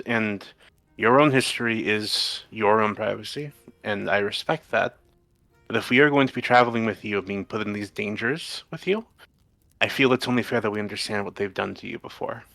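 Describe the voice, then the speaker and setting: Player, man, bright crisp voice, formal and earnest, dry close sound. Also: on the low side, moderate pace, no room sound, faint music behind. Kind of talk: in-character role-play.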